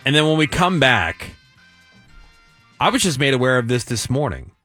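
Lively man hosting radio banter. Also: mid-range voice, normal speed, soft background music. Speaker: radio show host. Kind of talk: casual morning radio banter.

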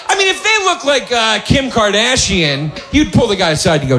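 A man's voice: extremely high pitch, big pitch swings, unhurried, hardly any pauses, bright, forceful tone, slight background noise. Ranting stand-up man in an echoey room. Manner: incredulous ranting with mocking voices. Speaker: stand-up comedian. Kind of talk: stand-up comedy.

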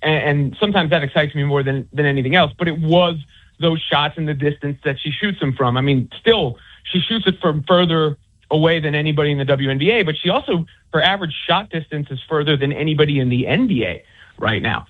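A man's voice, slightly raised in pitch and husky, comes down a tinny phone line. He is a sports writer answering interview questions, circling his point with restarts, fillers and stacked examples. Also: fairly quick. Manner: rambling, many restarts and fillers. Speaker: author and sports commentator.

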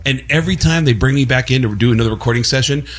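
A male voice actor from the Bronx with no regional accent, telling animated stories as a talk show guest and laughing through them. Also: mid-range voice, racing. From Bronx, New York.

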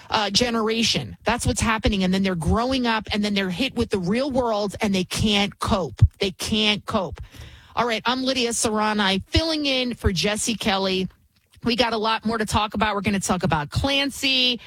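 A woman's voice: a little high, a bit bright, no room sound. A woman hosting a talk radio show as a fill-in, delivering a blunt, indignant opinion monologue.

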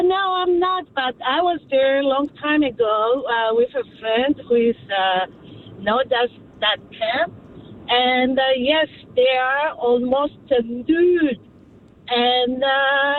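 A woman calling in to a radio show, speaking English with an accent, hesitant and full of filler sounds. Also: high voice. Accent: non-native English. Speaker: caller. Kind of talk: phone-in chat. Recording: tinny phone line with faint vehicle noise.

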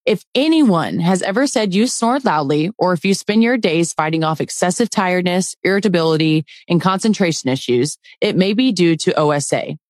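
A woman calmly narrating a scripted health information ad. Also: lowish voice, normal speed, few pauses, dry recording, studio quality. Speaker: commercial announcer.

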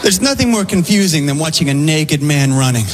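High-voiced man doing wry stand-up. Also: lively intonation, a little fast, very noisy. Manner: wry, joke-telling delivery. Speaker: stand-up comedian. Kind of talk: stand-up comedy routine.

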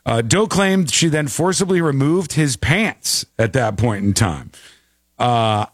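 Animated man hosting a talk show. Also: medium pitch, slow, dry recording, clean studio sound. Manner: animated, incredulous, joking. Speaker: show host. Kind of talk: casual news commentary.

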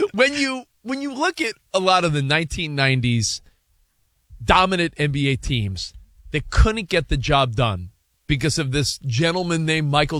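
A man's voice: a little high, a bit bright, no echo, studio quality. A man co-hosting a sports talk show, posing long rambling hypotheticals in casual debate.

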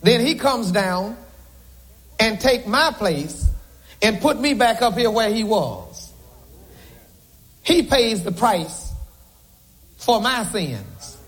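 A man's voice: high-pitched, sing-song, takes it slowly, pauses often, fairly bright tone. A man preaching a sermon to a congregation from the pulpit, with joking asides to the crowd. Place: church sanctuary.

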